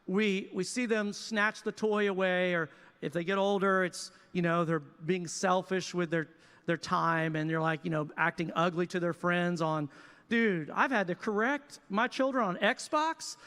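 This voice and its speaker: A man pastor preaching a sermon in a lively, conversational way with casual asides. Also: sits high, measured pace, clean tone. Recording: reverberant church hall.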